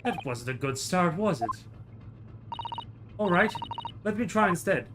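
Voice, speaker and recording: Soft-spoken man with muttered game commentary. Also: sits high, expressive, a little slow, music in the background. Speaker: let's-play host.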